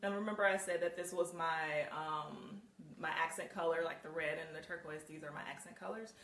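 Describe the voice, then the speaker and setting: A woman's voice: deep voice, steady tone, a little fast, fairly bright tone. A woman coaching viewers on putting outfits together in a casual live video, chatty and full of laughs and ums. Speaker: style coach. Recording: roomy, distant, faint hiss.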